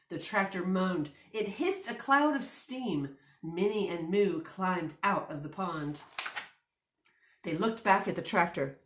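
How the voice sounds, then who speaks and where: A woman librarian reading a storybook aloud at storytime, animated and giggly. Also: lowish voice, reverberant. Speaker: children's librarian.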